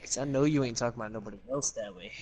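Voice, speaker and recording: A man's voice: mid-range voice, racing, a little mellow. A man hosting a Minecraft video, chatting casually and teasing his partner with jokes and swearing. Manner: teasing, profane, joking. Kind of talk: casual gameplay chat.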